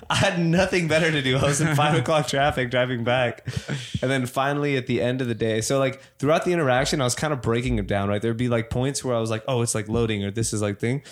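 A man's voice: mid-range voice, fast talker, few pauses. Young man, casual chat, rambling storyteller, filler-heavy, acts out quoted voices.

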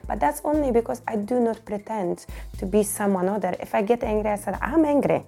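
A woman hosts her own podcast and speaks candidly and emotionally about her life. Her voice is mellow and gravelly, with frequent restarts and repeated words. Soft music plays faintly behind her. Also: medium pitch, fairly quick. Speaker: podcast host and fitness coach. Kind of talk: personal podcast monologue.

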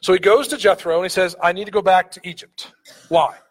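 Guy preaching a sermon, kinda high voice, earnest, repeats himself a lot. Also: steady tone, brisk, slightly rough. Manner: earnest, repeats words while preaching, rises in emphasis. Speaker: pastor.

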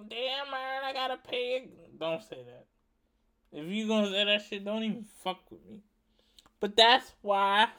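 A man's voice: sits high, sharp tone, clear, resonant tone. A young man doing stand-up comedy, telling rambling, profane stories and repeating his punchlines.

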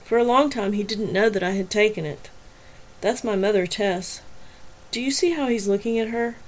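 A protective young daughter in a spoken novel, soft and earnest as she confides, voiced by a woman narrator. Her voice stays close to the narrator's own, only a touch quieter. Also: medium pitch, moderate pace, lightly acted, rough recording. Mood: confiding.

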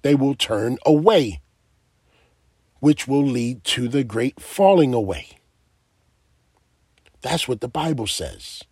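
A man's voice: mid-range voice, lively intonation, slow, long pauses, darkish tone, husky, dry recording, studio quality. A man preaching a sermon, emphatic and asking his listeners direct questions.

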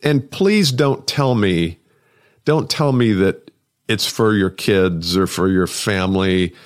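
A man, a sales and business coach, talks alone on his podcast in an energetic, conversational way, often repeating words for emphasis. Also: fairly low pitch, takes it slowly. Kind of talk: solo podcast monologue.

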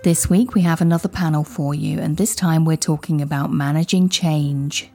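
A woman's voice: deep voice, steady tone, moderate pace, creaky, over music. A woman hosting a podcast panel discussion, speaking in a friendly way with frequent restarts. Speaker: podcast host.

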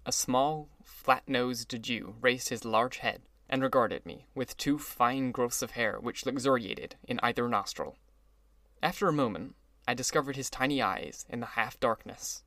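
Man, audiobook narrator, mid pitch, measured, dry close recording. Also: pushed and bright, no echo. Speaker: audiobook reader. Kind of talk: scripted narration.

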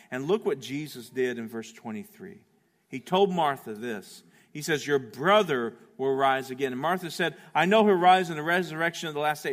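A male pastor preaching an Easter sermon, swinging from rousing shouts down to hushed, quiet appeals. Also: medium pitch. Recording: echoey hall, long reverb.

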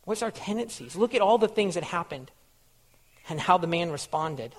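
A man's voice: high-pitched, lively intonation, moderate pace. A male pastor preaching a sermon in an earnest way, repeating phrases and putting questions to his listeners.

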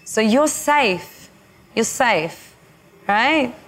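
A woman spiritual teacher leading a retreat session, speaking slowly and haltingly with many pauses. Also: on the high side, expressive, a bit bright.

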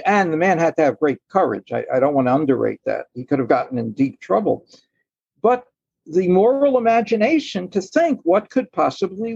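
A man's voice: a little high, vocal fry, darkish tone, breathy edge, dry recording, lo-fi sound. A man telling stories as a guest on a podcast interview, thoughtful, acting out the lines of the people in them. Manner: thoughtful storyteller, acts out quoted lines. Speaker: guest author.

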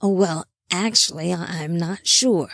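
A woman's voice: on the low side, unhurried, gravelly, fairly bright tone, dry recording, clean studio sound, exaggerated voice. A woman reading the part of a nervous male warrior angel who stammers before his lord. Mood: anxious. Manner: stammering, anxious.

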